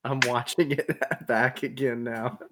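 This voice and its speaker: A man's voice: medium pitch, steady tone, a little slow, background noise. A man who is a guest on a casual podcast, laid-back and chuckling as he plays along with the jokes, speaking into a USB mic on his laptop.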